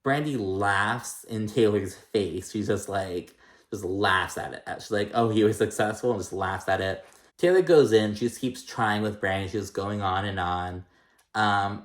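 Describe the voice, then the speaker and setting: Male vlogger, lower register, loose profane gossip tone, recorded in a roomy space. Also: measured pace. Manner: chatty and gossipy, heavy "like" and "um", swears freely. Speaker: reality TV recap vlogger. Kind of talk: casual episode recap.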